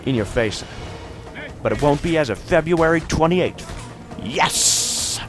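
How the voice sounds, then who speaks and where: A teenage boy in his mid-teens doing excitable, jokey let's-play commentary, yelping and shouting at the game. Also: a little high, moderate pace, soft background music. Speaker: gaming YouTuber.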